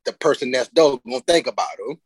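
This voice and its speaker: A woman co-hosting a casual podcast, telling stories loosely with frequent laughter and drawn-out emphasis on key words. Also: a bass voice, breathy edge. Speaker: podcast co-host.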